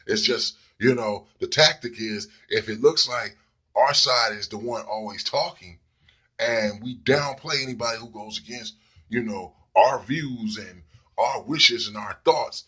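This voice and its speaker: A man's voice: lowish voice, measured pace, pushed and bright, husky. A man giving a blunt, profane casual monologue full of fillers. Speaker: commentator.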